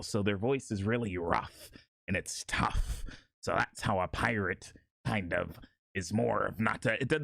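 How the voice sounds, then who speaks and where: A man's voice: fairly low pitch, no room sound. A man talking casually through a voice acting tutorial, rambling a little with restarts. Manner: laid-back, rambling with many restarts and laughs.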